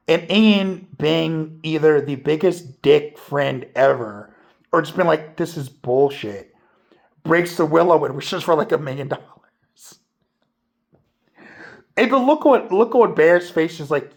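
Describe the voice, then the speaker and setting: A man's voice: fairly high pitch, animated, unhurried, gravelly. A man giving a casual, spoilery movie review, rambling and swearing freely with lots of fillers.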